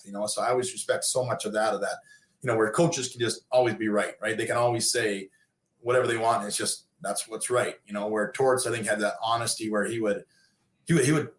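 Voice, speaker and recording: A man's voice: fairly low pitch, roomy sound. A middle-aged man, a former hockey player and coach, telling stories casually as a podcast guest, full of fillers and restarts. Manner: rambling, many fillers and restarts. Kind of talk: casual storytelling in a podcast interview.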